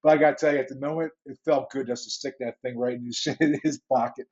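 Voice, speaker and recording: A man's voice: mid-range voice, fast, highs cut off. A man in his sixties with a Pittsburgh accent, a former football coach telling stories in an interview and acting out the conversations he recalls. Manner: animated anecdotes, acts out quoted exchanges. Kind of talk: storytelling interview.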